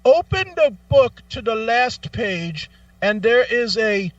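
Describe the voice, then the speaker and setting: A man's voice: extremely high pitch, very animated, slow pace, no room sound, distant mic, highs cut off, pitched above the performer's own voice, heavily acted. A man voicing a polite, confused male call-center agent with a put-on Indian accent, speaking formally and repeating phrases.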